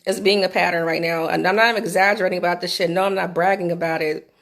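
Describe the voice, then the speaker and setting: A middle-aged woman vlogger tells a candid personal story into her phone, animated and swearing freely. Her voice is on the low side and creaky, and she talks fast.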